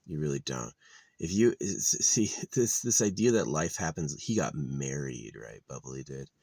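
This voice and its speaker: A man's voice: extremely low pitch, lively intonation, normal speed, creaky, a little mellow, no room sound. A man rambling in a blunt, crude monologue outdoors, full of fillers and restarts. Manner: meandering, crude, blunt opinions with many fillers.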